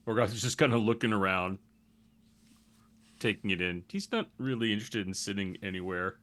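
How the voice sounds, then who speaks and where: A man describing his character's actions as a player in a tabletop game, in a relaxed, casual way. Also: fairly low pitch, fairly quick.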